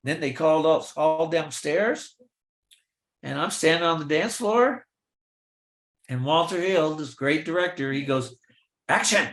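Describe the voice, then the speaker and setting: An older man, a veteran film extra, telling lively anecdotes in a Q&A and acting out the dialogue of the people in them. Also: on the high side, unhurried, long pauses. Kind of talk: storytelling in a virtual Q&A. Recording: roomy echo.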